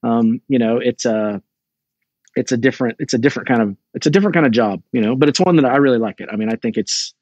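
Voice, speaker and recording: Fast-talking man telling a story. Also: mid-range voice, a little mellow, no echo, muffled recording. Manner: chatty storyteller with many restarts. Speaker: race director, podcast guest. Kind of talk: casual chat.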